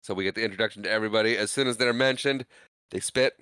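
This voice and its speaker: A man's voice: lowish voice, rapid-fire, sharp tone, clean tone, no echo. A man co-hosting a podcast, casually retelling a film's scenes and laughing often. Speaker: podcast co-host. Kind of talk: casual movie recap chat.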